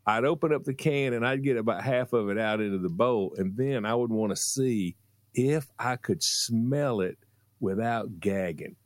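A man telling a childhood story on a radio show, drawing out words and doing high voices for the people he quotes. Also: moderate pace, dry recording. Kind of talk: casual storytelling.

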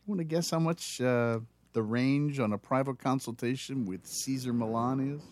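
A man's voice: medium pitch, normal speed, darkish tone. A man co-hosting a casual podcast chat, telling little stories and reading out facts. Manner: chatty, storytelling, reading figures aloud. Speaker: podcast co-host.

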